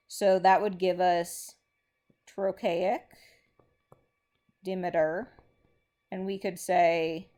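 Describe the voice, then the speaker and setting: A woman teacher talks through a lesson in an unhurried, measured way, with a somewhat low voice. She explains each point methodically and step by step, pausing to mark things on a board as she goes. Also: dark tone. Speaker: English teacher. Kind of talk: recorded classroom lesson.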